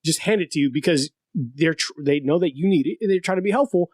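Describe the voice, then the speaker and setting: A man hosting a podcast in casual chat, telling stories in an animated, profane way. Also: on the high side, fast, dry recording. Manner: animated, profane storyteller who laughs often. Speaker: podcast host.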